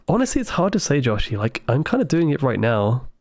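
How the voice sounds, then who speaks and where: A man livestreaming a puzzle game, thinking aloud with excited asides to his chat. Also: mid-range voice, a little fast, no room sound. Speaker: game streamer. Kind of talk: live gameplay commentary.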